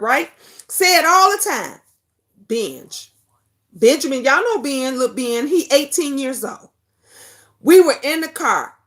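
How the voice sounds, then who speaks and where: A middle-aged woman hosting a casual chat show, telling stories bluntly and with lots of swearing, and reading viewer comments aloud. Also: high voice. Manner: blunt, animated storytelling with profanity. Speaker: talk show host.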